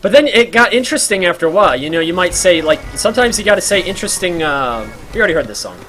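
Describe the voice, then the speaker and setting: A man's voice: high voice, animated, fast, fairly bright tone, a little hiss or hum. A man streaming a game while telling a rambling story, full of fillers and laughs.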